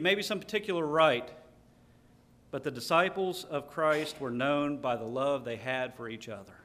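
A man's voice: fairly high pitch, bright, forceful tone. A man preaching a sermon, stressing key words and reading scripture aloud.

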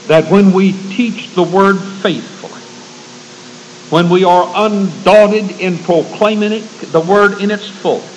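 Man preaching, earnest and measured, voice a bit on the high side, faint hum behind him. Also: low-quality recording. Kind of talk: sermon.

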